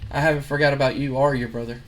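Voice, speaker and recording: A man voicing a furious older male wrestling company boss who demands revenge and shouts threats. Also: mid-range voice, flat delivery, very fast, close to an everyday voice. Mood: angry.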